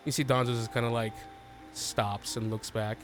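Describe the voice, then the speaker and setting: Halting man narrating a tabletop game. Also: medium pitch, little pitch movement. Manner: halting, filler-heavy, many restarts. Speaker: game master. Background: faint background music.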